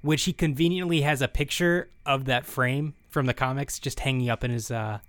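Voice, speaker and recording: A man co-hosting a casual podcast, talking through an episode's plot in a relaxed, chuckling way. His mid-range voice sits close to the mic, with a dry, dead sound. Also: mid-range voice, moderate pace, dry recording. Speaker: podcast co-host. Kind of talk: casual chat recapping an episode.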